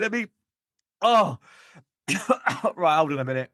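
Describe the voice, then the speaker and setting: A man hosting a gaming podcast on his own, rambling through shout-outs and jokey, self-mocking asides. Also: fairly high pitch, animated, a little slow, no room sound, clean studio sound. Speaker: podcast host. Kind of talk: solo gaming podcast chat.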